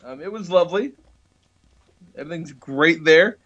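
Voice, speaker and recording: A man's voice: fairly high pitch, moderate pace, a bit bright, highs cut off. A man co-hosting a podcast, telling a long story in casual chat, swearing freely and laughing often, heard over a video call from a tablet. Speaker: podcast co-host.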